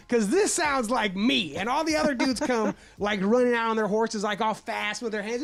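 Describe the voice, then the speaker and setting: A man's voice: high-pitched, fairly quick, vocal fry, few pauses, a bit bright. A man hosting a casual podcast, telling a wild story with lots of laughter and swearing. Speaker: podcast host.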